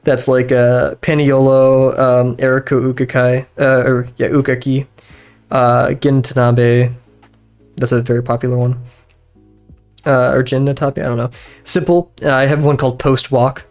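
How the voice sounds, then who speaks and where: Over soft background music, a young man streams from his bedroom, drawing and chatting in a clean, darkish, mid-range voice that stays level and unhurried. The conversation rambles and gets distracted, full of fillers and restarts, and he laughs frequently.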